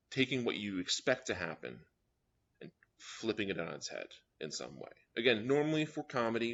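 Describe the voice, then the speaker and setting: A man's voice: lowish voice, fairly bright tone. A man teaching a young writers' workshop, explaining step by step and often checking in with "all right?". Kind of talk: classroom lecture. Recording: dull lo-fi recording.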